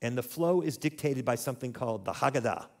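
A man's voice: medium pitch, expressive, quick pace, a little mellow. A man teaching a church audience in a conversational way, asking them to repeat words after him. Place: church hall.

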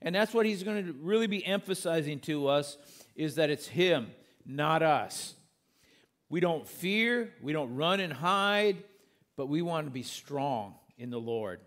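A man's voice: on the high side, animated, a little slow, fairly bright tone. A male pastor preaching a sermon in a conversational way, reading scripture aloud and explaining it, with the odd corny joke.

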